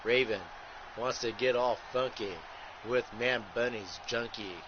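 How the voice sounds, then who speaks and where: A man's voice: medium pitch, fairly even intonation, a little slow. Man doing joking ringside game commentary. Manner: ringside announcer patter, keeps saying folks; crude rhyming jokes. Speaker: host and wrestling commentator. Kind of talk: playful wrestling-game livestream commentary. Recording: muffled lo-fi with clear background hiss.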